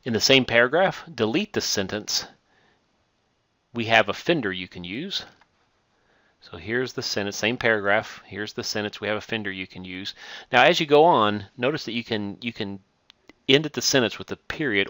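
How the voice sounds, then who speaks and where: A man teaching a software tutorial, reading each step aloud and then patiently demonstrating it, correcting himself as he goes. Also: lowish voice, fairly quick, no echo. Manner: methodical, reads steps aloud then demonstrates; patient, self-correcting, relaxed. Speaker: instructor.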